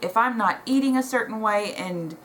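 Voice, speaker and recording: A woman's voice: on the high side, normal speed, fairly bright tone, a little hiss or hum, rough recording. Emotional woman chatting to camera. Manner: emotional, heartfelt, many ums and restarts. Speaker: vlogger. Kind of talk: casual chat to camera. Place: at home. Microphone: camera in front, reading notes below it.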